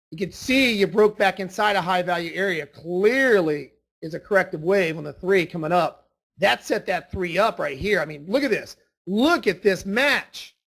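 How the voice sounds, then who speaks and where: A man with a notably high voice walks through trading charts as an instructor. He talks emphatically and repeats his points with a salesman's push. He speaks as a voice-over on a desk mic. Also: fairly bright tone. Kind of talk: screen-share trading lesson.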